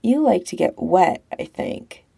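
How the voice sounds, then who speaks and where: A woman voicing a gentle, wary young man speaking quietly to his partner. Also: on the low side, expressive, unhurried, vocal fry, breathy edge, full character voice. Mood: gentle dry.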